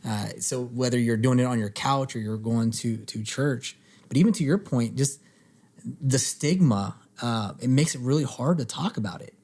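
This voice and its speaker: Relaxed man hosting a podcast. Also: medium pitch, moderate pace, breathy edge. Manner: relaxed, rambling, restarts often. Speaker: podcast host. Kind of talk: casual conversation.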